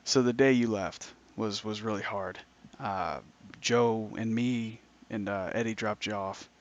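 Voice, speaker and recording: A man's voice: lowish voice, unhurried. A man in his thirties, a podcast host, telling old stories in casual, profane chat. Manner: swearing, laid-back storyteller acting out voices. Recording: dull lo-fi sound.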